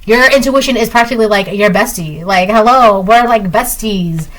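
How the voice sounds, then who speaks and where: A woman's voice: mid-range voice, normal speed, fairly bright tone, rough recording. A woman giving a casual tarot reading, chatty and repetitive, often ending lines with "right?". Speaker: tarot reader.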